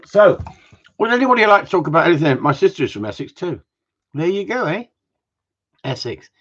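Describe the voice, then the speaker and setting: A man's voice: on the high side, big pitch swings, fairly quick, a bit bright, breathy edge. A man hosting a live Q&A, bantering and teasing his viewers in a rambling, joking way. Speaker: host of a live gundog Q&A stream. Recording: dull lo-fi livestream audio.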